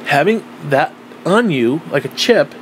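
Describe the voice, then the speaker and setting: A man's voice: a little high, expressive, a little slow, a little hiss or hum. A man giving a blunt, profane monologue, repeating himself insistently and recording himself on a tablet. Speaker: vlogger. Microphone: tablet microphone.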